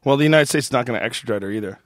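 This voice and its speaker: A man hosting a casual podcast, prompting his guest with brief questions and quick agreement. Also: mid-range voice, no echo. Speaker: podcast host.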